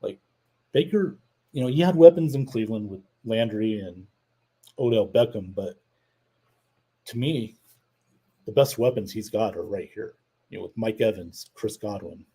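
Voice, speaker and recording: Guy hosting a live stream, low mellow husky voice, laid-back and chatty. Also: lively intonation, moderate pace, pauses often, rough recording. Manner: chatty, reads viewer comments aloud. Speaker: podcast host. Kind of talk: casual live-stream chat.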